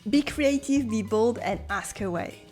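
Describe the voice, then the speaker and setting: A woman teaching a scripted online lesson. Her voice sits a little high, and she speaks clearly and patiently, walking learners through each example with an encouraging tone. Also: expressive, a little slow, a little mellow, faint music behind. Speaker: French teacher.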